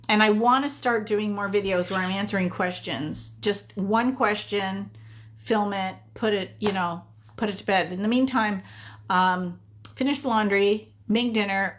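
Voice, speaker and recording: A woman chatting casually on a live stream as a sweepstakes coach, excitable and animated, from Canada, and losing her voice. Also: medium pitch.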